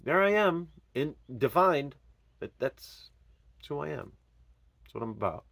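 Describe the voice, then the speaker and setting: A man's voice: a little high, big pitch swings, unhurried, creaky, dry recording. Earnest man telling his own story. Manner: earnest and emotional, swinging from loud pleading to hushed murmurs. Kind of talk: personal storytelling monologue.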